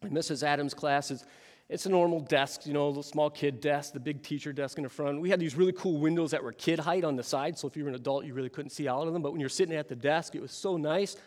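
A man telling a story to an audience in an animated way, often turning to ask the listeners questions. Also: a little high, fast, long reverb tail. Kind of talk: storytelling talk.

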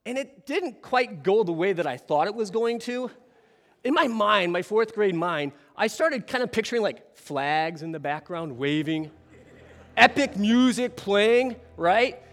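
Male speaker with a high, bright voice and an animated manner, telling a story while putting questions to the crowd in a reverberant hall. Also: unhurried. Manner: animated, asks the audience questions. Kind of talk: storytelling talk.

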